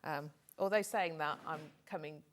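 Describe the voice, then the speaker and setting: A woman's voice: low-pitched, moderate pace. A middle-aged woman talks through a sewing demonstration in a casual, chatty way. She laughs easily and keeps things conversational. A faint background noise sits under her voice. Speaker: guest crafter demonstrating sewing. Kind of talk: casual live shopping demo chat.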